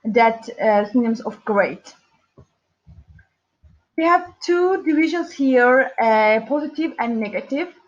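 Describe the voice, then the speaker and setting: A woman teacher with a high voice leads a language lesson, spacing her words out slowly. She pauses on fillers as she explains. The recording sounds dull and lo-fi. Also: lively intonation. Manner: slow, deliberate, with hesitant fillers. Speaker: English teacher.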